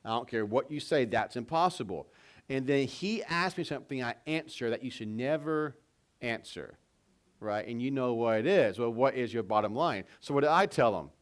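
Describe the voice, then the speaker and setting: A man with a mid-range voice preaches to his congregation in a church sanctuary, speaking expressively at normal speed. As pastor, he tells stories and asks questions in a conversational style.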